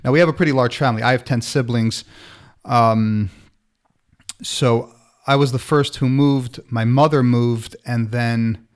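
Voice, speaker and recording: A man's voice: medium pitch, fairly even intonation, a little slow, clear, resonant tone. A man in his thirties hosting a podcast, talking casually with many restarts. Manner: conversational, frequent restarts and fillers. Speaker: podcast host. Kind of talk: casual conversational interview.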